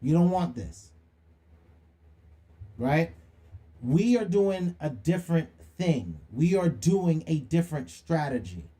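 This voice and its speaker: A man's voice: on the high side, big pitch swings, slow pace, long pauses, warm tone. A young man hosting a livestream monologue, preachy and slangy, firing rhetorical questions and calling people out. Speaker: livestream host.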